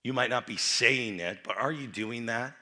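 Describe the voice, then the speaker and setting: A man with a mid-range voice preaches a youth rally sermon at a moderate pace. He drops into quiet asides, then rises into loud, emphatic bursts, often repeating and restarting phrases.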